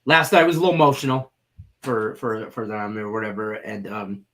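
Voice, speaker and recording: A man's voice: mid-range voice, a little fast. A man co-hosting a sports betting talk show, telling rambling, jokey stories in casual chat. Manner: rambling, jokey, animated storytelling.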